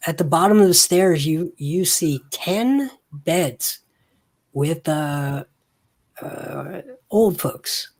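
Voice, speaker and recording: A game master narrates a tabletop scene at an unhurried, deliberate pace. The speech is full of pauses and fillers as the scene is worked out aloud, and the pitch sits in a middle range. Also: animated, darkish tone. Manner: hesitant, many fillers, slow and searching.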